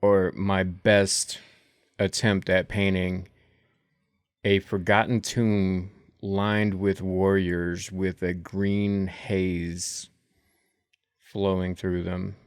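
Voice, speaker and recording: A man's voice: deep voice, level tone, drawn-out words, clean tone, no room sound, studio quality. A man playing a tabletop horror game, saying in a plain, matter-of-fact way what his character does. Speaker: player.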